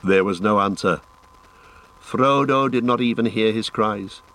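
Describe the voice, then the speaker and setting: Low-voiced man narrating an audiobook. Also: unhurried, fairly bright tone, low-quality recording. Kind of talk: scripted fantasy narration.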